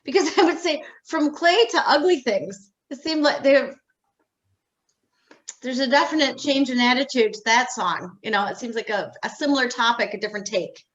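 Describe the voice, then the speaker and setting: A woman's voice: high-pitched, normal speed, dull audio. A woman hosting a music interview, talking in a rambling, easygoing way and laughing as she goes. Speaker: radio show host. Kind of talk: casual interview chat.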